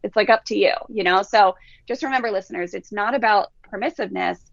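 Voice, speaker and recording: Gravelly-voiced woman parenting coach. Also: medium pitch, quick pace, dry recording, highs cut off. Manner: storytelling, animated quoting of others. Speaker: parenting coach and podcast guest. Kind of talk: casual podcast chat.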